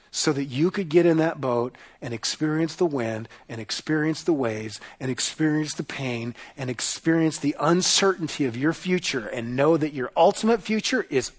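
Husky-voiced male pastor preaching. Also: a little high. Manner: dramatic retelling, dropping to a hush on key lines. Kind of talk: sermon.

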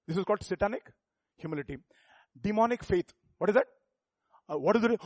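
Husky-voiced pastor preaching. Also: male voice, high voice, fairly quick, long pauses, no room sound. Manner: animated, rhetorical questions, builds to emphatic peaks. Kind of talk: sermon.

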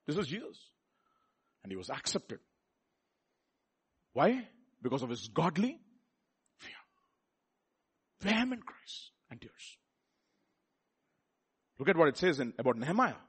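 A man preaching a sermon, swinging from loud exclamations to soft asides and putting questions to his listeners. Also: mid-range voice, big pitch swings, normal speed, long pauses, slightly rough.

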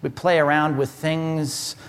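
A male pastor preaching a sermon in an animated, wry way, swinging between loud and hushed. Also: a little high, slow pace. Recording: echoey hall.

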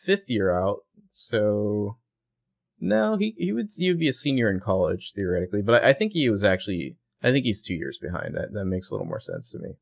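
A man's voice: lowish voice, big pitch swings, a little fast, gravelly. A man co-hosting a podcast, musing about a TV episode and asking lots of questions in casual chat. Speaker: podcast co-host.

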